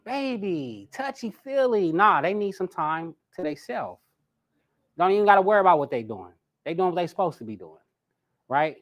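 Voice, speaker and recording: A man teaching a live personality class in a lively way, talking straight to his audience. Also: a little high. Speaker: personality coach.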